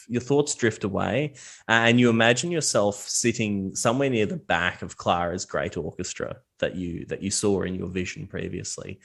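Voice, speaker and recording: This is a young man running a tabletop game. His voice sits a little low. He narrates in a loose, rambling way with many fillers. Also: vocal fry, fairly bright tone. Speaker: game master.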